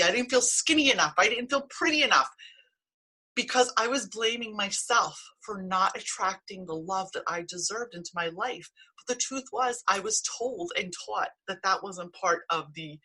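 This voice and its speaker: Blunt, emphatic woman with a bright, husky voice. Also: medium pitch. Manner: blunt and emphatic, swears freely. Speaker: healing practitioner and coach. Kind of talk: motivational talk to camera.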